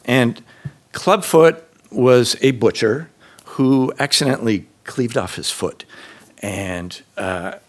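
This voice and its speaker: A man in his fifties or sixties telling a true story on stage to a live audience, casual and unscripted, jumping to a high excited voice when he quotes himself. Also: slow. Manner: casual, with fillers and restarts. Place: stage in a public venue.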